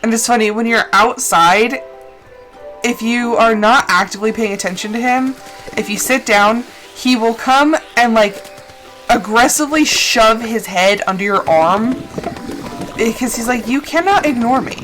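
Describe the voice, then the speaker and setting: A woman's voice: fairly high pitch, measured pace, soft background music, rough recording. A woman streamer chatting casually and rambling while she plays a game. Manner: rambling, chatty, animated asides. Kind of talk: casual chat while gaming.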